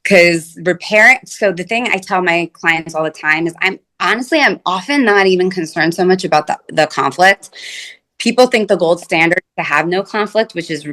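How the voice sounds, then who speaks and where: A woman's voice: fairly low pitch, normal speed, fairly bright tone. Earnest woman therapist explaining. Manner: earnest, explanatory, acts out client apologies. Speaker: couples therapist, guest. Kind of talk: conversational interview.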